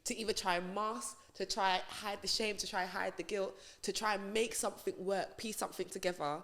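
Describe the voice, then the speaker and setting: A young woman, a radio presenter chatting as a podcast guest and telling stories in an animated, slangy way. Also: mid-range voice, a little fast. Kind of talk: casual podcast chat.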